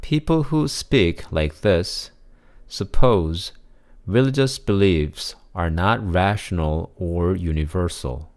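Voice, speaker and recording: Slow, deep-voiced man reading a reflection. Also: lively intonation. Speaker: preacher. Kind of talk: scripture reading and sermon reflection.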